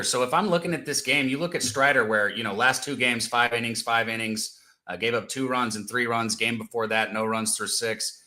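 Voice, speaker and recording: A man's voice: lowish voice, moderate pace, few pauses, bright, forceful tone. A man co-hosting a casual sports betting show, blunt and sarcastic, swearing freely. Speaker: co-host.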